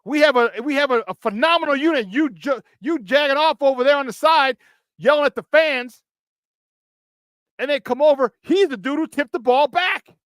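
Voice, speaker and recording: A man hosting sports talk radio speaks in a high, slightly bright voice at a moderate pace. He rants heatedly and emphatically, using repetition to press his points. The audio is dry and close with no room sound.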